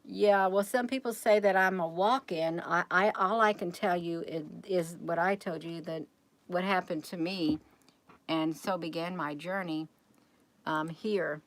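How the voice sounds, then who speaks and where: A woman's voice: lowish voice, steady tone, a little slow. A woman hosting a casual livestream, rambling and chatty as she keeps talking straight to her viewers.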